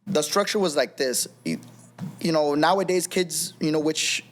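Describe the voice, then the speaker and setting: A man's voice: a little high, normal speed, faint music behind. A man in his thirties, a podcast guest, telling his personal testimony in a rambling casual way, full of restarts and "you know what I mean".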